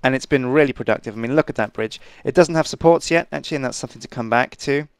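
A man's voice: mid-range voice, fast, clear, resonant tone, dry recording. A man co-hosting a casual gaming video, joking and bantering. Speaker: co-host Minecraft let's play. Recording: dry close mic with faint music.

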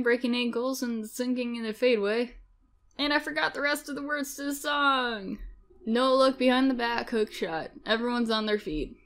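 A woman narrates a dating-sim game out loud in a playful, quick way. Her voice is on the high side. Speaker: game player reading aloud. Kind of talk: reading a visual novel aloud.

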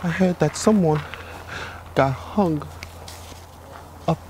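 A man's voice: a little high, slow, a little mellow, slight background noise. A man playing Luigi, a cowardly plumber who rambles, jokes and panics in a comedy skit. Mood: nervous. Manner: rambling, jokey, jumpy, keeps panicking. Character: jittery cowardly adult male plumber Luigi. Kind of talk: comedy skit role-play. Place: outdoors in a village.

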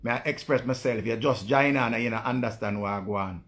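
A man's voice: mid-range voice, fast talker, a bit bright. A man with a Jamaican accent, hosting a live stream and talking casually to viewers in blunt, profane patois.

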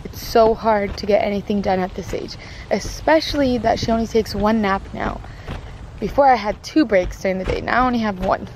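A woman's voice: medium pitch, brisk, darkish tone, slight background noise. A young woman, a mother, chatting casually straight to her viewers on a handheld phone camera as she goes through her day at home and on a walk, with lots of "like" and "literally". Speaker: vlogger mom. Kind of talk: casual day-in-the-life vlog. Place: home, then outdoors on a walk and at a park. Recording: music playing underneath.

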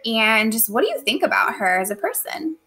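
A woman's voice: a little high, very animated, a little fast, sharp tone, low-quality recording. A woman teacher in a recorded lesson, speaking playfully to her students and asking them guiding questions.

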